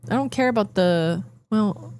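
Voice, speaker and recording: A tired woman streamer rambling and thinking out loud as she plays a game, with playful asides. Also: mid-range voice, measured pace, clean tone. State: yawning, tired. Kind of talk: casual gameplay commentary.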